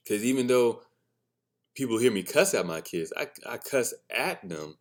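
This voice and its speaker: This solo podcaster, who has a son and a daughter, shares frank parenting stories in a relaxed way, cursing freely and frequently cracking himself up. He talks at a normal speed with a medium pitch and lively intonation.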